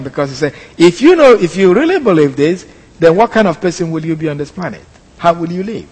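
A man preaching an expository sermon, teaching slowly with pauses and fillers. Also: high-pitched, husky, long reverb tail, low-quality recording.

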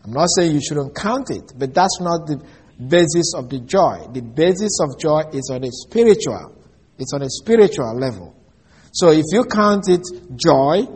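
Delivering a measured, teaching-style sermon, this man slows deliberately on the phrases he wants to stress. He's a preacher whose voice sits somewhat high for a man and has a husky quality.

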